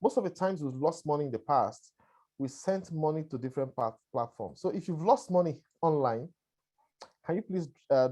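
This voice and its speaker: Giving a conversational webinar on a conference call, this presenter has a lingering cough and keeps checking in with his listeners, repeating himself and tossing in "all right" and "right." He sounds a little high, with lively intonation, a dark tone, and normal speed.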